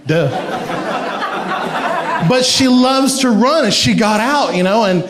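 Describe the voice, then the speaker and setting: High-voiced man telling stand-up stories. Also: slow pace, crowd noise. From Iran. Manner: animated storyteller, laughs through his own punchlines. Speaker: stand-up comedian. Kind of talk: stand-up comedy set. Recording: echoey live comedy venue.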